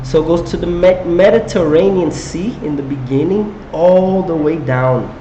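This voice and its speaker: A man's voice: on the high side, normal speed, warm tone, roomy sound, muffled recording, slight background noise. A man teaching an English grammar lesson to viewers, encouraging them and quizzing them with questions. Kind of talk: live online English lesson.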